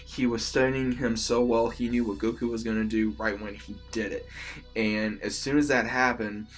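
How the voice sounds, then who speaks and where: Male reviewer, lower register, loose unscripted play-by-play recap with fillers, soft music underneath. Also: fairly even intonation, normal speed. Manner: rambling play-by-play with fillers and repeated "he says". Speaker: anime episode reviewer. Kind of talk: casual episode recap.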